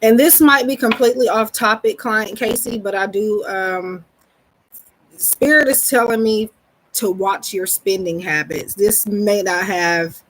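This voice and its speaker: Woman, live tarot reader, casual rambling delivery with many fillers, average pitch. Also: measured pace, rough recording. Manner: relaxed, rambling, frequent ums; greets viewers mid-reading. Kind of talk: live-stream tarot reading.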